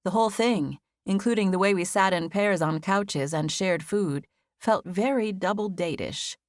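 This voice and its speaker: A woman narrating a contemporary first-person novel as an audiobook, with a gentle storytelling manner. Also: mid-range voice, normal speed, no room sound, studio quality.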